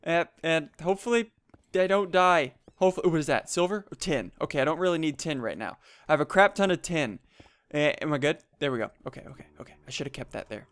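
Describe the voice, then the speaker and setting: Excitable young guy narrating gameplay. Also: on the high side, fast talker, clear, resonant tone. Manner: excitable, laughs often, jumpy, frequent gasps and yelps. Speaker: gaming YouTuber. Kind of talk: Let's Play commentary.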